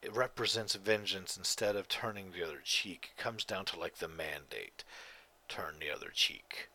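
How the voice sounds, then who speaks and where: A man's voice: deep voice, moderate pace, pushed and bright. Tired, profane man rambling solo. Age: adult. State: tired, yawning. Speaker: podcast host. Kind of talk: casual solo monologue.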